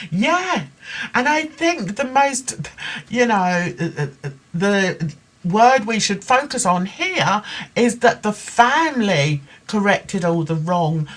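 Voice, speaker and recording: A woman's voice: mid-range voice, a bit bright. A woman hosting a livestream, reading out viewer comments and reacting with heated, impassioned talk about a case. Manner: impassioned, heated, talks as a mother. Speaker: livestream host.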